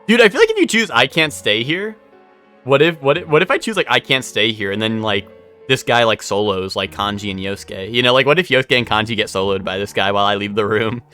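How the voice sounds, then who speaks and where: A man's voice: on the low side, lively intonation, fairly quick, pushed and bright, faint music behind. A man streaming a video game, rambling in casual commentary, swearing often and repeating himself.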